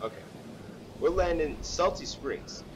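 A man's voice: a little high, expressive, a little slow. Goofy gamer guy on a noisy mic. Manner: goofy, jumps into silly voices and off-key singing. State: slightly sick, coughing. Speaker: gaming YouTuber. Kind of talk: casual gameplay commentary.

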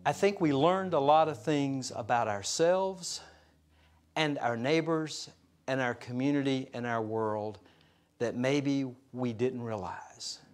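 A man pastor giving a conversational storytelling sermon at a church service, earnest and slowing down to stress his points. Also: medium pitch. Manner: conversational, chuckles through anecdotes; earnest, slows for emphasis.

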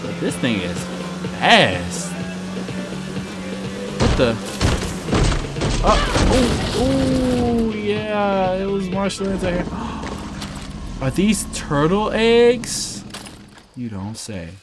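A young man giving let's-play commentary over a shooter game, excitable and slangy, talking to the game's characters and yelping loudly when he gets into fights. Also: sits high, very slow, long pauses. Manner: slangy, joking asides. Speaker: gaming streamer. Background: game music and gunfire.

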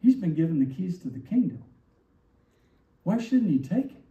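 A man preaching a sermon as pastor, animated and full of rhetorical questions, acting out the lines he quotes. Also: high voice, normal speed. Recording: distant, roomy, dull church recording.

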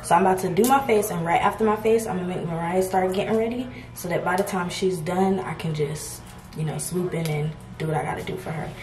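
A young woman from Georgia in the US, chatting casually to her viewers in a vlog, relaxed and slangy, calling them y'all. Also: fairly low pitch, quick pace, reverberant. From Georgia, USA. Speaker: vlogger. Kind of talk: casual vlog chat to camera. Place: hotel room.

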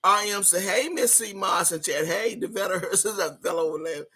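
A woman hosts her own livestream from home, reading viewers' comments aloud amid bursts of laughter. Her voice is bright and tense with a husky edge, and her delivery is loud and rowdy. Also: mid-range voice, moderate pace. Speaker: livestream host.

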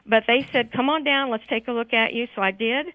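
A woman's voice: a little high, brisk, no room sound. A woman calling in to a radio show, giving a heartfelt, grateful testimonial in an emotional voice. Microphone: telephone. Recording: tinny phone line.

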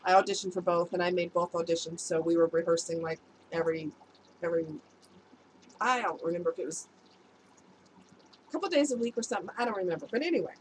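A woman's voice: fairly low pitch, quick pace, long pauses, slight background noise, low-quality recording. Chatty New woman telling a story. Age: adult, past her youth. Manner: chatty, talks straight to viewers, laughs at herself. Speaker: vlogger giving relationship advice. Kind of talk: casual storytelling to camera.

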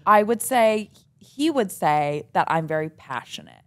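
A woman's voice: mid-range voice, animated, measured pace. A woman chatting as a podcast guest, bubbly and joking, swearing freely. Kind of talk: casual chat.

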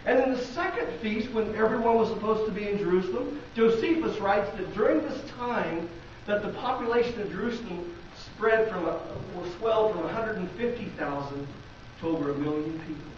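A man's voice: high-pitched, animated, fairly quick, slight background noise. A man with a Midwestern American accent preaching a sermon in a church, talking conversationally and asking the congregation rhetorical questions. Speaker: pastor. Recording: very echoey, distant, dull lo-fi.

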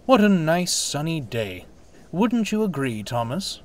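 A man's voice: on the high side, very animated, unhurried, a little hiss or hum, pitched above the performer's own voice. A man doing a friendly big diesel engine. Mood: cheerful. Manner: cheerful and kind, sometimes snapping. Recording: music playing behind the voice.

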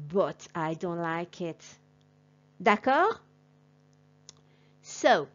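A woman teaching a language lesson to a class, talking slowly and deliberately in an encouraging way. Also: medium pitch, highs cut off.

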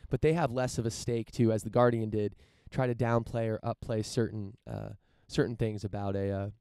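A man from the United States commenting casually on news and reading passages aloud, halting and repeating words as he searches for his point. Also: lowish voice, steady tone, dark tone, clear, resonant tone, dry recording, clean studio sound. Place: outdoors in front of a mansion.

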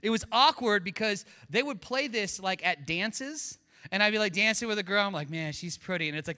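Joking pastor in a reverberant hall. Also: male voice, high voice, a little fast. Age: middle-aged. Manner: joking, chatty, animated asides. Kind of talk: casual humorous sermon. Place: church sanctuary.

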